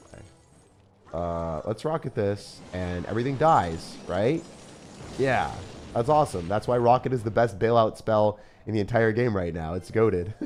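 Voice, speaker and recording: A man streaming a mobile strategy game live, commentating his matches in an excitable, chatty way and talking to his viewers. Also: lowish voice. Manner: animated, excitable, talks to chat. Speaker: gaming streamer. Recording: faint music behind.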